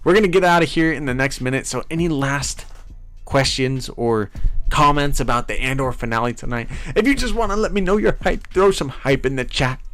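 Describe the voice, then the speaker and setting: A man's voice: medium pitch, lively intonation, brisk, a bit bright, soft background music. A man hosting a casual livestream, upbeat and hyped, reading viewer comments aloud, with a stuffy nose from allergies. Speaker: livestream host.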